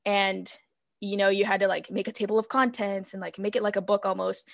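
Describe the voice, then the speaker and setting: A woman's voice: mid-range voice, brisk, gravelly. A young woman, a podcast guest, telling a personal story in casual chat and acting out what she said back then. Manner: animated storyteller acting out her own past dialogue.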